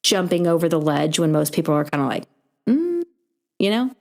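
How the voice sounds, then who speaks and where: Young woman podcast host, low-pitched, animated storyteller who mimics the people in her anecdotes. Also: fast, creaky. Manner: animated, acts out quoted voices in her stories. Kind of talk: casual storytelling chat.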